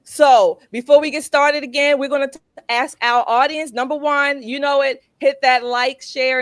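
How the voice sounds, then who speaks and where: A woman's voice: a little high, no room sound. A woman hosting a political talk show, chatty and emphatic as she rallies her audience. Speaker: host.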